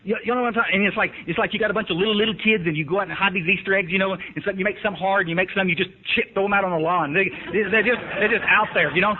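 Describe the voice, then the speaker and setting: A man's voice: high voice, steady tone, rapid-fire, few pauses, a little hiss or hum. A man telling his recovery story in a folksy, emphatic way, often asking the room if they follow. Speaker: recovery speaker. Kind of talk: recovery meeting talk. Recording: tinny lo-fi archive tape.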